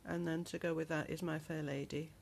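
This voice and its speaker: Here a woman with a deep, gravelly voice and flat delivery walks through a handmade travel journal she crafted. It's a relaxed show-and-tell vlog, unhurried and full of ums, with a little hiss or hum behind her.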